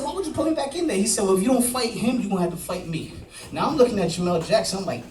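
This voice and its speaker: A man doing a stand-up set, telling a story with animated, acted-out voices on stage. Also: sits high, fast. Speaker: stand-up comedian. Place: comedy club stage with audience laughter. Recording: roomy, from far off, crowd laughter.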